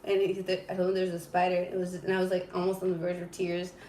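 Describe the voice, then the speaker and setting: Animated woman guest, from Southern California. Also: lowish voice, fast, distant mic, slight background noise. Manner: animated, dramatic, trails into sleepy murmurs. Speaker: podcast guest. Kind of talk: casual storytelling chat. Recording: echoey room, away from the mic.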